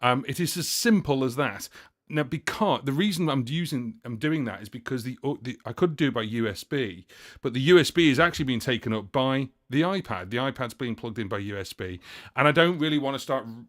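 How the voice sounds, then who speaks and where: Rambling, chatty male livestream host, casual and full of fillers, mid-pitched. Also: animated, brisk, fairly bright tone. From United Kingdom. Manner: chatty and rambling, many fillers and self-corrections. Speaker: livestream host and looping musician. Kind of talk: casual livestream chat answering viewer questions.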